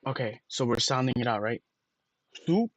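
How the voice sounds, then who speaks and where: A man's voice: medium pitch, animated, normal speed, no room sound, low-quality recording. An American man livestreaming, talking casually and sounding words out letter by letter. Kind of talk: casual rambling stream talk.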